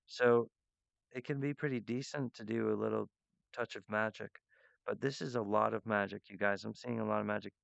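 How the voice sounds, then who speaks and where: A man rambling earnestly and emotionally to his viewers, halting often with restarts and fillers. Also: fairly low pitch, fairly even intonation, gravelly, no room sound, muffled recording. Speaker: artist addressing viewers. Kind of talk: rambling direct-to-camera monologue.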